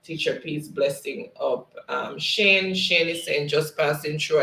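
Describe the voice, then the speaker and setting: A man's voice: on the high side, fairly even intonation, unhurried, creaky, bright, forceful tone, echoey room, poor audio. A man hosting a casual livestream, reading viewers' comments aloud in a friendly way and laughing often. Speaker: livestream host.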